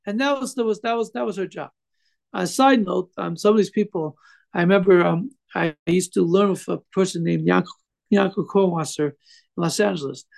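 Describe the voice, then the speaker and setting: A man with a high voice that is full of gravelly fry gives an informal religious class. He tells his story haltingly, stumbling over restarts and filling pauses with "um" and "like.". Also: a little mellow. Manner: halting, many fillers and restarts. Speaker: Torah teacher telling a story.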